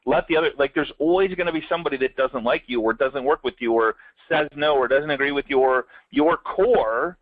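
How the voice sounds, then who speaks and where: A man in a casual business chat, spinning animated stories and putting on quick voices for the people in them. His voice sits in a middle register. The sound is dry and a little dull, like a lo-fi podcast recording. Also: medium pitch, no echo. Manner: animated storyteller, acts out quotes.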